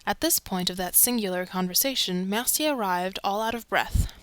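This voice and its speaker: A woman reading an audiobook narration in a steady, expressive way. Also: medium pitch, moderate pace, no echo.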